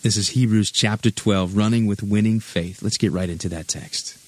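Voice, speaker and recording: A man hosting a Christian radio show, calmly introducing his guest and asking questions. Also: lowish voice. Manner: calm, measured, introducing and prompting. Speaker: radio host.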